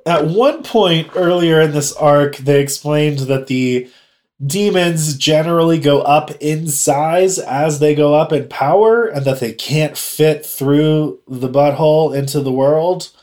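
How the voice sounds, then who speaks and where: A man's voice: fairly high pitch, slow pace, darkish tone. A man chatting casually as a podcast co-host, dropping dry, wry one-liners. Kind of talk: casual chat.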